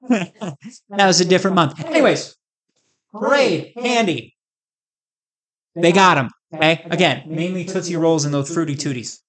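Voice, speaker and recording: A man's voice: a little high, fairly bright tone. A fired-up man from the States rants to camera in a loose, comedic vlog. He rambles from one thing to the next, tosses in crude jokes, and keeps himself jazzed up the whole way through. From United States. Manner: hyped, rambling and jokey, with crude asides. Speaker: vlogger. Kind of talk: casual comedic rant to camera.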